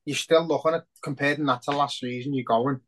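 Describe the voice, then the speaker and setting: A man, co-hosting a football podcast, talking in a sweary, excitable, rambling way. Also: mid-range voice, a little fast, low-quality recording. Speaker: podcast co-host. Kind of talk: casual football chat.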